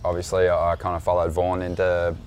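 A man's voice: sits low, fast, slight background noise. A middle-aged Australian man, a surf commentator, telling stories in a laid-back way on a casual podcast. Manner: laid-back, relaxed storytelling.

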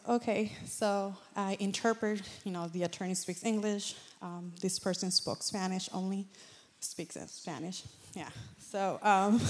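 A woman telling a personal testimony to a church in earnest, excited storytelling with frequent laughs. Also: mid-range voice. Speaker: congregation member giving testimony.

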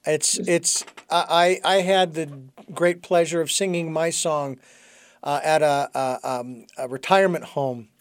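A man hosting a conversation, talking haltingly with many fillers and restarts. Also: fairly high pitch, steady tone, no room sound, studio quality. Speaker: host. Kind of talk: casual conversation.

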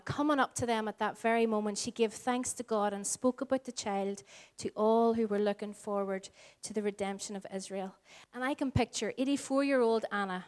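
A woman in her forties with a Northern Irish accent, preaching a sermon as pastor, earnest and shifting between slow emphatic lines and soft, hushed phrases. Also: medium pitch. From Northern Ireland. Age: 40s. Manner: earnest, varies pace, drops to soft whispers for emphasis.

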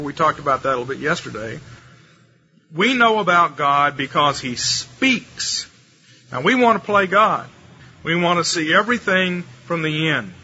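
A man preaching with a bright, forceful voice pitched a little high, speeding up and slowing down to drive his points home. The live recording sounds muffled, with faint room noise underneath. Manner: animated, shifts pace and pitch for emphasis. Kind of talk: sermon lecture.

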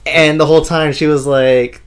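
A man's voice: fairly high pitch, steady tone, normal speed, clean tone. A young man co-hosting a casual podcast, telling a long anecdote full of quoted exchanges. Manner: storytelling, quoting people. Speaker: podcast co-host. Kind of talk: casual chat.

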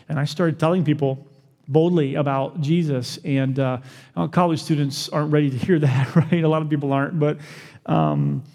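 A man preaching a sermon as pastor, animated, asking the crowd questions and acting out the people he quotes. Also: fairly high pitch, long reverb tail.

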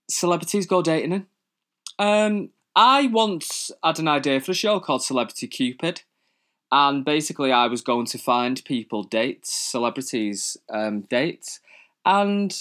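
A young man rants for laughs straight to camera. His delivery is camp and theatrical, peppered with swearing, and his pitch sits in a middling range. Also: animated, moderate pace, fairly bright tone. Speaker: host. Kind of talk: comic rant to camera.

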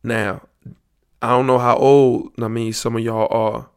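A man's voice: mid-range voice, level tone, measured pace, darkish tone, clean tone. A man hosting a solo podcast, riffing loosely and profanely on sports slang while thinking aloud. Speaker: podcast host. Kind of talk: casual solo podcast talk.

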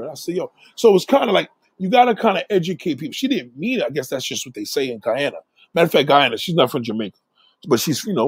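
A man's voice: fairly high pitch, breathy edge, no echo. A man talking straight into the camera, blunt and profane, rambling as he gives advice. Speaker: vlogger giving advice. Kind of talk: casual monologue.

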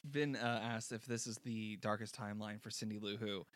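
A podcast co-host bantering and joking while a story is read aloud, animated and quick to interject. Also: medium pitch, no room sound. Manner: animated, jokey, breaks into silly put-on voices. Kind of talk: comedic banter.

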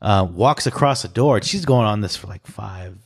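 A man's voice: on the low side, moderate pace, breathy edge. A young man co-hosting a podcast in casual chat, swearing a lot and laughing as he tells stories. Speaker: podcast co-host.

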